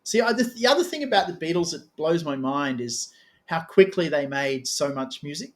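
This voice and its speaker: A man interviewing a musician in a casual, chatty way, joking and thinking aloud. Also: on the high side. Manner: chatty, animated, quick to joke. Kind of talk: casual conversation.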